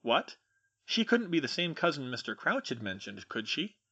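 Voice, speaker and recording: A man reading a fan fiction chapter aloud as narrator, with expressive storytelling. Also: fairly high pitch, brisk, lo-fi sound. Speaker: audiobook reader.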